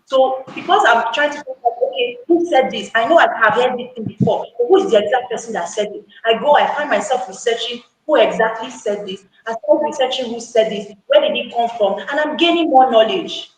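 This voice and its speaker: A woman speaking excitedly on a live call, sharing a testimonial, repeating her points for emphasis and laughing often. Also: fairly high pitch, a little fast, hardly any pauses. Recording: echoey room with faint background noise.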